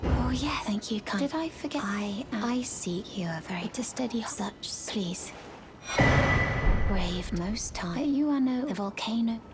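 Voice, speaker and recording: A woman voicing a polite female servant in a video game who begs a stranger for help in a courteous, imploring way that often drops to a soft breathy hush. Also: on the high side, lively intonation, unhurried, very noisy. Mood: pleading. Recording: game audio under loud music.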